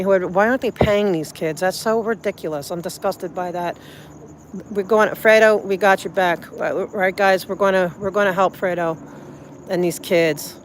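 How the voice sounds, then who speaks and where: Rambly excited streamer reading chat, mid pitch, crickets n cars faintly in back. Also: slight background noise. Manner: effusive, rambling, many restarts. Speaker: livestreamer reading viewer chat. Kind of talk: casual live-stream chat.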